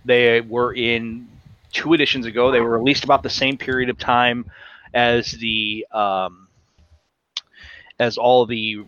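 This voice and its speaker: A man chatting on a podcast, explaining things in a measured way. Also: mid-range voice, flat delivery, fairly bright tone, dry recording. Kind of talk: casual podcast chat. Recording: dull lo-fi call audio.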